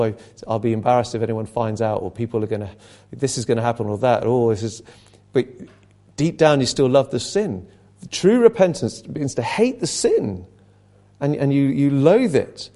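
A middle-aged man preaching a sermon earnestly, often restarting phrases and dropping to a hush. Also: mid-range voice.

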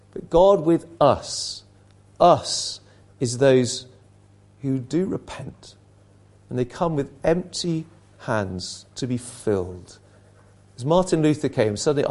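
A man's voice: medium pitch, warm tone. A man preaching an impassioned sermon, asking rhetorical questions and repeating phrases for emphasis.

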